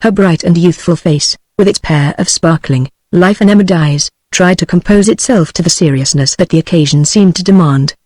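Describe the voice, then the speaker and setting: A woman's voice: fairly low pitch, moderate pace, few pauses, a little mellow, dry recording. A synthetic woman's voice with a British accent, narrating a classic story as a text-to-speech audiobook. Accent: British English.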